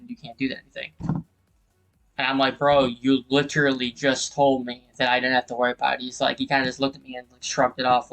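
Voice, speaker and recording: A man's voice: medium pitch, fairly bright tone, low-quality recording. A man hosting his own gaming channel, telling a heated story over gameplay, swearing often and acting out what people said.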